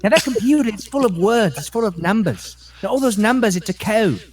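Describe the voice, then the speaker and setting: A man's voice: sits high, animated, a little fast. A man voicing a condescending creationist apologist who lectures with patronizing, sing-song questions. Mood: mocking. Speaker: panelist.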